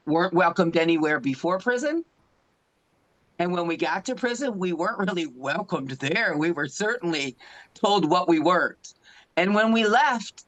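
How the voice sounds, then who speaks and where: A woman's voice: on the low side, poor audio. A middle-aged woman giving an impassioned talk as an advocate, earnest and emotional, often checking in with her listeners, speaking into a phone. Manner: earnest, emotional, keeps asking the audience "right?".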